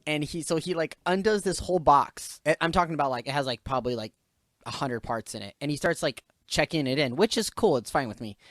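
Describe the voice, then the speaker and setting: A young man hosting a podcast, telling a story from his job in casual, animated chat, swearing often and laughing as he vents. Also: fairly high pitch, fairly quick, no room sound. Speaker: podcast host.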